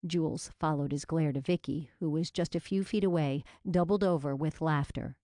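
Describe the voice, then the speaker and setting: A woman with a low voice reading a romance audiobook. She tells the story in a measured, steady way. The recording is close and dry, with no room sound. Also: no room sound. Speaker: audiobook narrator. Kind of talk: scripted romance novel narration.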